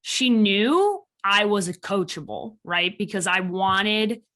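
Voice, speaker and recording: A woman in her thirties from Chicago with a slight Chicago accent, a guest telling stories in a casual interview with animated delivery. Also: mid-range voice, slow pace. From Chicago, USA. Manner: animated, quotes people in lively voices. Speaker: podcast guest.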